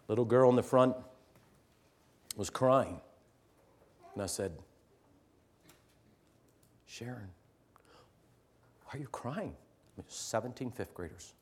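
A man's voice: medium pitch, takes it slowly, long pauses. Earnest man giving a talk to teachers. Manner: earnest, swings between loud emphasis and hushed near-whispers. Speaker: teacher speaking to fellow teachers. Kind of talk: storytelling talk to an audience.

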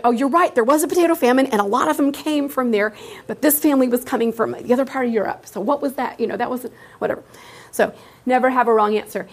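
Middle-aged teacher lady chatting to other teachers, kinda high voice, does little voices for her students' answers. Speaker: teacher leading a workshop for teachers. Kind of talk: informal talk to fellow teachers.

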